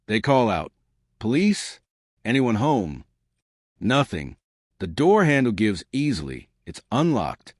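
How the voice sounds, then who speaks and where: A man's voice: on the low side, no echo, studio quality. A man reading scripted true crime documentary narration in a dramatic, suspenseful storytelling manner.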